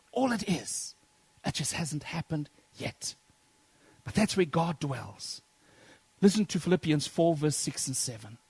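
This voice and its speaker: Husky preacher man, dynamic delivery. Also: fairly high pitch, no echo. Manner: dynamic, swings between loud declaiming and soft near-whispers; addresses congregation as brethren. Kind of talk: sermon.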